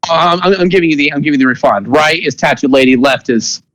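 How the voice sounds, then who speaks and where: Fairly high-voiced man narrating as game master. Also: fairly bright tone, dry recording, rough recording. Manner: rambling, halting narration with many restarts and fillers.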